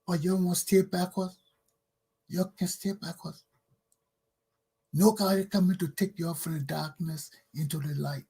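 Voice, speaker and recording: A Liberian man with a high, husky voice rants as a talk show host. He scolds his listeners and keeps circling back to the same complaints with rising anger. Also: fairly even intonation, moderate pace, long pauses, mellow. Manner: angry, scolding, repetitive. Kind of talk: ranting monologue.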